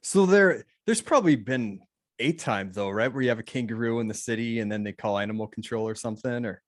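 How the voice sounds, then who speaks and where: A man's voice: medium pitch, a little fast. A man in his thirties from Montana, hosting a casual interview and asking curious questions between laughs. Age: 30s. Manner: curious, friendly, laughs often. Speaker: host.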